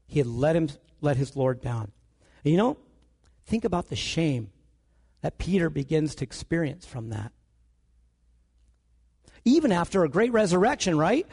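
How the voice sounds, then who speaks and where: A man preaching a sermon, telling stories with animated delivery and acting out the dialogue. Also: high-pitched, breathy edge.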